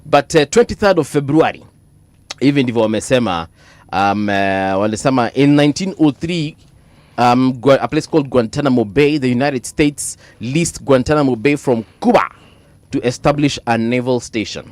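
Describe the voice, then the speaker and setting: A man with a Kenyan accent hosting a casual breakfast radio show, chatty and quick to laugh, switching into Swahili. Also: medium pitch, no room sound. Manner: lively, laughs often, mixes in Swahili. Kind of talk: casual bilingual radio chat. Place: radio studio.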